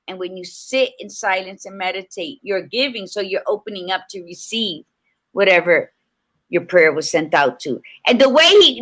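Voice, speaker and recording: Bright-voiced woman chatting on a video call. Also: medium pitch. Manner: animated storyteller, swears casually. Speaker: podcast co-host. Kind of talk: casual chat. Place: hotel room.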